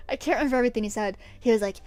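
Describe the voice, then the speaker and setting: A young woman streaming, telling a story in casual chat, animated, swearing freely and laughing often. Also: fairly high pitch.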